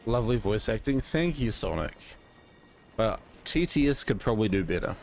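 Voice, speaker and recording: A man streaming a video game in casual commentary. He jokes and mocks his own efforts, with a pitch that moves a lot. A faint hum runs in the background. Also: big pitch swings, unhurried, vocal fry. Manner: joking, self-mocking.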